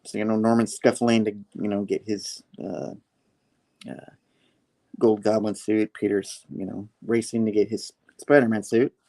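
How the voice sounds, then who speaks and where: A man's voice: lowish voice, steady tone, moderate pace, creaky, dark tone. A man recapping a comic issue in a casual, rambling way, full of fillers and quoted lines. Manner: rambling, filler-heavy, quoting characters. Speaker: comic book reviewer.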